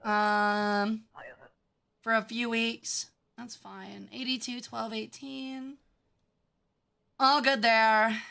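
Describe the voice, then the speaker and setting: Bright bratty woman streamer. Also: a little high, level tone, vocal fry. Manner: bratty, swears freely, quick reactions. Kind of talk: casual gameplay commentary.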